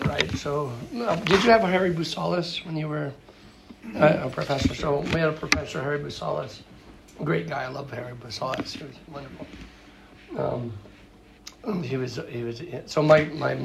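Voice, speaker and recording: A man's voice: fairly high pitch, creaky, background noise. A man giving an informal talk and answering questions, rambling and full of anecdotes. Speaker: guest speaker answering questions.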